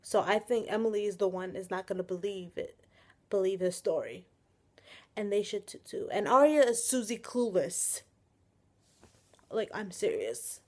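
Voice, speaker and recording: A young woman vents to her camera in an exasperated, swearing rant. She sighs often and her pitch sits mid-range. It sounds like a casual home vlog on a built-in camera mic. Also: animated, moderate pace, long pauses. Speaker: vlogger reviewing a TV episode. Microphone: webcam or built-in camera mic.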